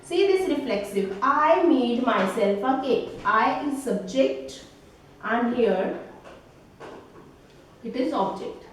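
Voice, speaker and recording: A woman teacher with an Indian English accent and a high voice talks slowly through a grammar lesson. She keeps checking in with a questioning "right?" at the end of her points. She is heard from a distance in a very echoey room, with a faint hiss underneath. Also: animated. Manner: slow, explanatory, ends phrases with a questioning "right?".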